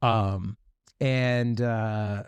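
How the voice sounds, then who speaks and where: A man's voice: lowish voice, steady tone, extremely slow, clear, resonant tone, no echo. A man in his forties telling a story on a podcast in a rambling, profane way, full of fillers and laughs. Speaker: podcast guest. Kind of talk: casual storytelling.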